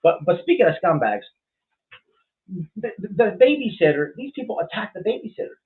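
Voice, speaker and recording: A man hosts a casual livestream in a high-pitched, sing-song voice that runs a little fast. Reacting to chat, he rambles, swears bluntly, and keeps restarting amid fillers, with a tinny phone-like sound.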